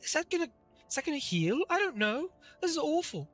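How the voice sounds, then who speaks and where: A man voicing a squeamish, dramatic young male bard godling in a shrill, whiny and sassy tone. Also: big pitch swings, fairly quick, fairly bright tone, faint music behind, full character voice. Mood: horrified.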